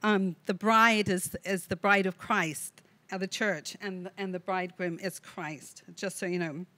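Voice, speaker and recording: A woman's voice: medium pitch, steady tone, unhurried, bright, forceful tone, no room sound. Earnest woman teaching Bible devotional. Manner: earnest, reads scripture aloud with asides. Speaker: women's ministry leader. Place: online video session with a co-host.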